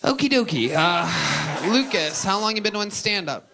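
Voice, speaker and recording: A man hosting a live comedy show, teasing a comic with quick jokes. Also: high voice, sing-song, vocal fry, background noise. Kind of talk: roast-style crowd banter.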